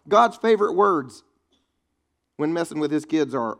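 Male pastor, somewhat high voice, casual joking sermon delivery. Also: lively intonation, normal speed, vocal fry, a bit bright. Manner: conversational preaching with quips to the congregation.

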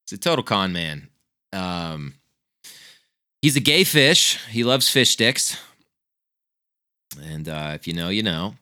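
A man's voice: fairly low pitch, sharp tone, dry recording, studio quality. A man in a casual, rambling rant, blunt and full of profanity. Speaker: vlogger.

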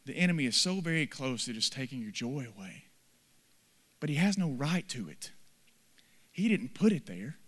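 Bright high-voiced man preaching. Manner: earnest preaching, repeated short phrases, swings between soft and loud. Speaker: pastor. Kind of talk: sermon.

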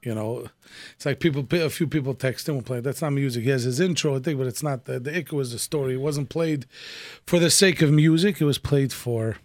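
A man hosting a call-in radio show, speaking casually and haltingly. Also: medium pitch, dry recording. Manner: casual, halting, with many fillers and restarts.

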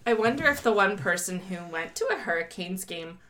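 Bright, animated woman who swears freely. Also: mid-range voice, fairly quick, a little hiss or hum. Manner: blunt, swears freely, laughs often. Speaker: podcast co-host. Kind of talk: casual chat with a read-aloud story.

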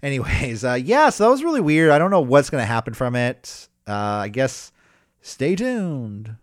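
A man chatting casually as co-host of a wrestling show, recapping matches with jokes and the odd swear. His pitch rises and falls a lot. The sound is dry and close. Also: brisk, no room sound. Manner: animated, loose, swears, mocks wrestlers in high shouted voices.

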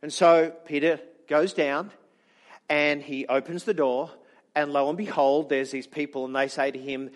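A man preaching a storytelling sermon in an animated, chatty way, with frequent restarts. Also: a little high, moderate pace.

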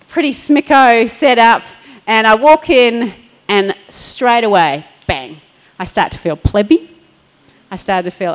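A woman's voice: fairly high pitch, rough recording. A middle-aged woman pastor, preaching in a chatty storytelling way, laughing and acting out quotes. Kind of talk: sermon.

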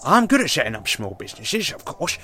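A man's voice: on the high side, huge pitch swings, a little fast, pushed and bright, slight background noise, exaggerated voice. A man voicing a smarmy, fussy male duck doctor with a genteel, slippery politeness. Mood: ingratiating.

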